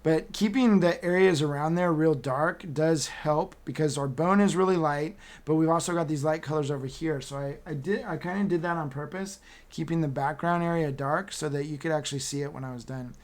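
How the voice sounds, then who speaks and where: A man's voice: fairly high pitch, a little fast. A man chatting casually while teaching painting. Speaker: miniature painting instructor. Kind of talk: live online painting class. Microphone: computer mic on video call.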